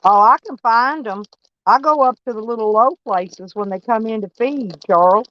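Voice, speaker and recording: Folksy woman with a higher voice. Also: normal speed, muffled recording. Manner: folksy, blunt, swears freely. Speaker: van life vlogger. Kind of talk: casual chat to viewers. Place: van or camper, indoors.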